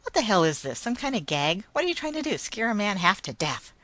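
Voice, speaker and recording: A woman reading a story, voicing a brusque, blustering male parade manager who talks loudly and hostilely. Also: deep voice, animated, brisk, no echo. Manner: blustering, loud, hostile then jovial.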